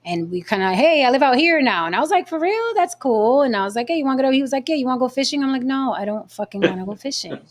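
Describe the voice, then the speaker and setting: A woman hosting a casual chat show, telling a story in a blunt, profane, animated way. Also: high-pitched, racing, hardly any pauses. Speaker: podcast host.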